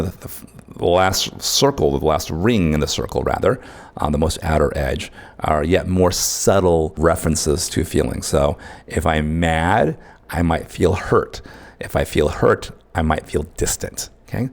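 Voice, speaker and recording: A man's voice: low-pitched, darkish tone. A man teaching an online course in a conversational way, often checking in with his listeners. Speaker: course instructor.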